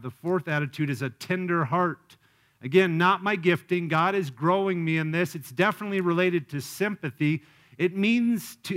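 A man's voice: a little high, a bit bright. A man preaching a sermon as pastor, earnest and personal, often asking the congregation direct questions.

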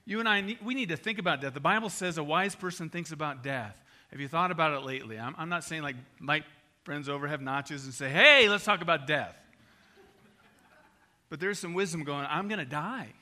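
An older man preaching an evangelistic sermon in a conversational, animated way, mixing scripture with personal stories. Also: a little high, fast.

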